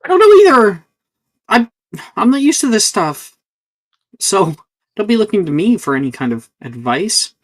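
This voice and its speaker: Man doing a young witch student, high voice, huffy, flustered, tabletop game. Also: fast talker, few pauses, a bit bright, no echo. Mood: defensive.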